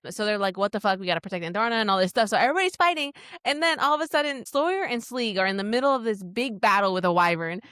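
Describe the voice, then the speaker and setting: A young woman co-hosting a casual book podcast, animated and swearing often as she recaps scenes. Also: mid-range voice, very fast, hardly any pauses, clean tone, no room sound, studio quality. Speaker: podcast co-host.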